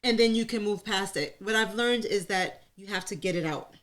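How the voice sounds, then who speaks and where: Her voice is mid-range and fairly bright, moving at normal speed. She co-hosts a candid live conversation before an audience, telling her story openly and chattily, often laughing, and calling herself an oversharer.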